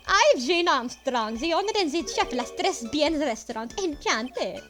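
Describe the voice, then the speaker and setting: A woman's voice: high-pitched, animated, unhurried, voice pushed up. A woman voicing a flamboyant male chef with a put-on French accent, gushing and sprinkling in French words. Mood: theatrical. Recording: game music playing behind.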